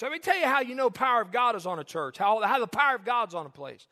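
A man's voice: extremely high pitch, sing-song, fast, few pauses, sharp tone, in a large hall. A man preaching a sermon as pastor, emphatic with call-and-response and jokes, in a church sanctuary.

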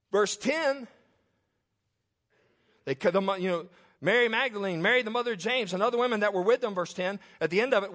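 A man preaching a sermon in a lively, conversational way, with humorous asides and acting out the figures in the story. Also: sits high.

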